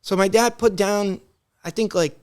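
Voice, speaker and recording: A man's voice: high-pitched, a little slow, clean tone. A man in casual podcast chat, telling rambling family stories with many restarts and acting out the quoted dialogue. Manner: animated, acts out quoted dialogue. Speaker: podcast guest. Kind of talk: casual storytelling.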